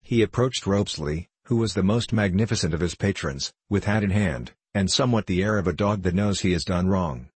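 A man narrating a classic novel in a measured literary reading. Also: low-pitched, slightly rough, no echo. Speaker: audiobook narrator. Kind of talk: scripted narration.

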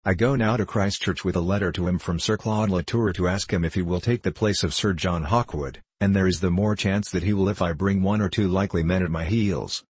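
A swaggering soldier's voice, deep and husky, full of hearty boasts, as a male storyteller puts him on. The sound is close and dry, with no room around it. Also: brisk, hardly any pauses, no echo. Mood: hearty boasting. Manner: hearty, boastful, free-spoken.

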